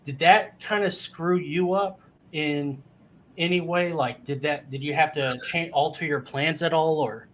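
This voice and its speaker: A man's voice: on the high side, fairly even intonation, unhurried, a little hiss or hum. A man hosting a casual interview, asking rambling questions full of fillers and restarts. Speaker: show host.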